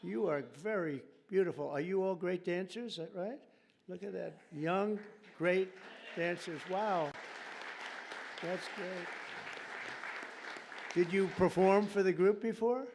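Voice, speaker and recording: A man giving a ceremonial speech at a formal reception, chatty and rambling, breaking off for off-script jokes aimed at the audience. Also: high-pitched. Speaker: speaker at a reception. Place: large formal reception room.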